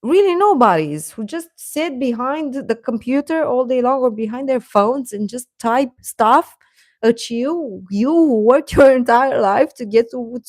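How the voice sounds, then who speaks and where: Slow-talking, outspoken woman streamer. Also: high-pitched, no echo, clean studio sound. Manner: animated, opinionated, swears, laughs between sentences; reads and answers viewer comments. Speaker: K-pop commentator streaming to viewers. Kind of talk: casual live-stream chat.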